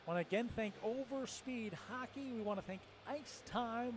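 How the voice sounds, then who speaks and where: Man, hockey play-by-play, high voice, noise behind. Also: moderate pace, few pauses. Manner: joking banter between calls. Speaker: play-by-play commentator.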